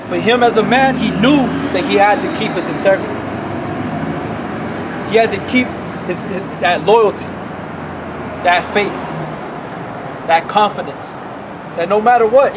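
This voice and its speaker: Outdoors, a street preacher delivers a sermon in a high-pitched male voice over background noise. He speaks emphatically, repeats himself, and keeps adding "man" and "right" to his lines.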